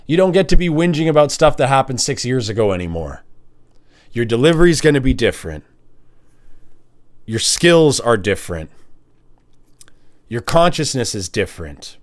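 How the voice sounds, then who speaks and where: A man speaks at a microphone in a loose confessional monologue. His pitch rises and falls widely as he jumps into high mock voices, then drops to low, quiet asides. The delivery stays restless and playful. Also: normal speed, pauses often. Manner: animated, swings between high mock voices and low mutters. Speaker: vlogger and musician. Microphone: standing at a microphone.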